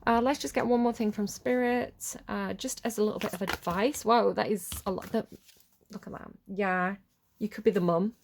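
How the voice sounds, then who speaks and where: A woman giving a casual tarot reading who rambles, gets easily distracted and often apologizes, then reads card text aloud more slowly between her asides. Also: mid-range voice, fairly even intonation, gravelly, background noise. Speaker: tarot reader.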